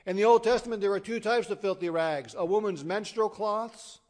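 A man preaching an evangelistic sermon, emphatic and storytelling, swinging from loud declarations to hushed low endings. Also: normal speed.

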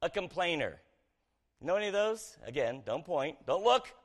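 A man preaching a sermon as pastor, talking conversationally with the congregation, asking them questions and swinging between loud emphatic lines and hushed ones. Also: fairly high pitch, big pitch swings, moderate pace.

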